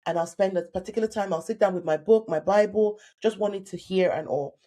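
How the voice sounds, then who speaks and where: Warm-voiced woman telling a story. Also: mid-range voice, fairly quick. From Nigeria. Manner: animated storyteller, acting out quoted voices. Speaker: guest career coach. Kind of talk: personal storytelling in a podcast interview.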